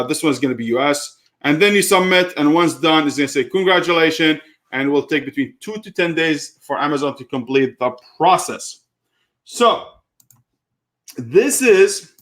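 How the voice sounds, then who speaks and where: A man's voice: on the high side, a bit bright. Casual man walking through a seller tutorial. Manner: casual, many fillers, gets heated retelling a call. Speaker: online seller coach. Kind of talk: screen-share tutorial with live Q&A.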